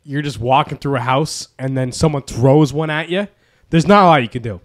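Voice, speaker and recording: A man's voice: medium pitch, fairly quick. A man chatting casually as a podcast co-host, chiming in with dry jokes and describing a video game. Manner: dry quips, chimes in with jokes. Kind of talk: casual chat.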